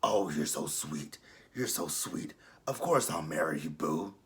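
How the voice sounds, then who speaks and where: A man putting on a breathy, lovestruck woman. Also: very deep voice, animated, a little slow, pitched below the performer's own voice. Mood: sappy, dreamy. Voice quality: hushed, breathy.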